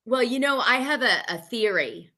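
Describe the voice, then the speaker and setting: Woman host, crisp bright voice, casual gossip chat, filler-heavy delivery. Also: fairly high pitch, lively intonation, moderate pace. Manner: chatty, heavy use of "like" fillers. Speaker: show host.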